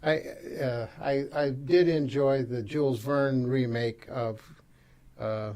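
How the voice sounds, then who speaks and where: A man's voice: medium pitch, fairly even intonation, slow, dark tone. An older man, a podcast guest, speaking hesitantly with many fillers and a dry humor. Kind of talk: casual podcast chat.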